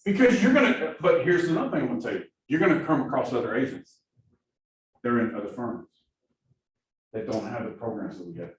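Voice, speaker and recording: The speaker is a Southern-accented man from Missouri who coaches new agents on productivity in a classroom, full of energy and repeatedly asking "right?". He speaks briskly at a medium pitch, pausing often. The sound comes from a distance in an echoey room, with faint hiss.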